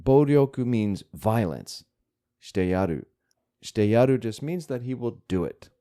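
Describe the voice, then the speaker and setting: Slow, mellow male language teacher. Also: mid-range voice, expressive. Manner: patient, methodical breakdown. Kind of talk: explaining vocabulary.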